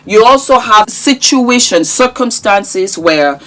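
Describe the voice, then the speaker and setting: A woman hosting a casual vlog, talking to her viewers in an affectionate, animated way and sometimes singing a word. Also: mid-range voice, slow. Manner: affectionate, animated, sings words at times. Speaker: vlogger host.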